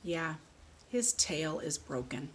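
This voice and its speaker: A woman reading a picture book aloud slowly and patiently, stopping to ask a child questions. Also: deep voice, very animated, noisy background. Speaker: speech therapist.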